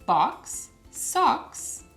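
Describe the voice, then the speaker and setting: A woman teaching young children phonics in a slow, clear, sing-song way, stretching each word out. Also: faint music behind. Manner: sing-song, stretches words slowly with lively pitch.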